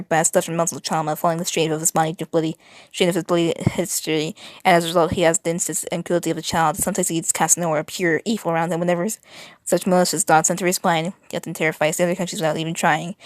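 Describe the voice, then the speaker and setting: A woman's voice: lowish voice, no echo. A young adult woman reading text aloud, often tripping over words and correcting herself, with exasperated asides. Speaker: video creator.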